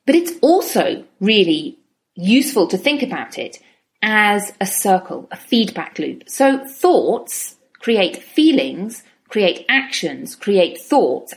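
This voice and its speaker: A middle-aged woman giving a calm, reflective self-help talk and slowing down on key words. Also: medium pitch.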